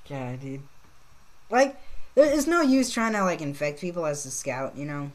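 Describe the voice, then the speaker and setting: A woman's voice: deep voice, animated, measured pace. A woman giving casual gameplay commentary, laid-back, laughing often and swearing casually. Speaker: gaming channel host.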